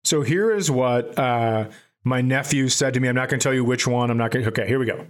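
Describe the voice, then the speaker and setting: A man's voice: mid-range voice, fairly quick. Profane joking man telling stories. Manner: profane, laughs through his own stories. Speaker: podcast co-host. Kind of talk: casual comedic storytelling.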